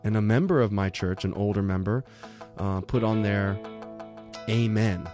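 A man's voice: fairly low pitch, moderate pace, a little mellow, faint music behind. A man co-hosting a Christian show, talking earnestly about an interview and laughing easily. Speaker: podcast co-host. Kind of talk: casual commentary.

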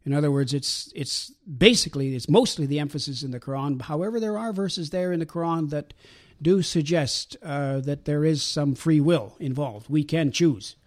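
A man calmly explaining religious ideas in a talk show discussion, pausing often with fillers. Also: a little high. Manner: measured, explanatory, with many pauses and fillers. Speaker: guest speaker explaining Islam.

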